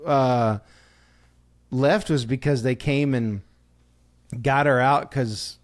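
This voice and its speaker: A man co-hosting a comedy podcast, telling stories in a casual, animated way with frequent laughter and acted-out quotes. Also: medium pitch, takes it slowly. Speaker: podcast co-host.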